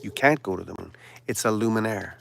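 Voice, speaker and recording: A man hosting a live stream, delivering a sarcastic, preachy monologue that now and then drops to a hushed whisper. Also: on the low side, a little fast, vocal fry, a little hiss or hum. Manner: sarcastic, mocking asides; preachy, sermon-like exhortation.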